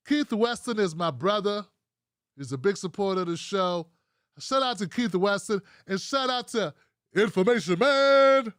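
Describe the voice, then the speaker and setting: A man from the United States runs a political livestream where he rants bluntly, swears heavily, and reads aloud live chat comments. His high voice sounds smooth and a bit bright, in a dry, clean studio recording.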